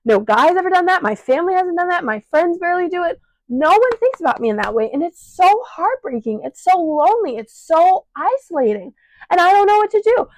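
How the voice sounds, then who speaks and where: In a very high, very animated voice, a teenage podcast host with a Chicago accent talks briskly through a raw, emotional rant, choked up, breathless and swearing. The clip-on mic attached to her shirt gives a low-quality recording with no echo.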